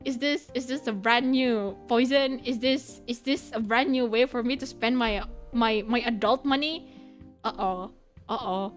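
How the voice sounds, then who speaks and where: A young woman streaming and chatting casually with her viewers, giggling often and squealing when excited. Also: fairly high pitch, moderate pace. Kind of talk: casual chat with chat. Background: soft background music.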